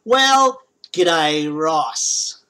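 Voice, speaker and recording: A man's voice: a little high, lively intonation, drawn-out words, heavy background noise. An Australian man guesting on a commentary video, cheerful and teasing. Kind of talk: comedic commentary narration.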